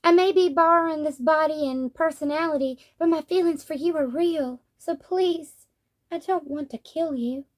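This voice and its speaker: A woman's voice: high-pitched, normal speed, natural voice. A woman voicing a pleading, earnest teenage boy who is a creature living in his dead friend's body, read from a manga.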